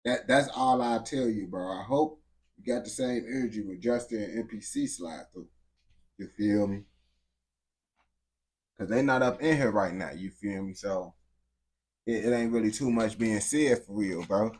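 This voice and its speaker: A man's voice: on the low side, moderate pace, long pauses, darkish tone, slightly rough. A man livestreaming and chatting casually with his viewers, talking in heavy slang, repeating himself and laughing often.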